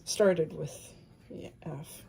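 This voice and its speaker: A woman in her fifties telling a personal faith testimony, soft-spoken and often sinking into a breathy whisper. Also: low voice, very slow, slight background noise. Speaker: speaker sharing a faith testimony.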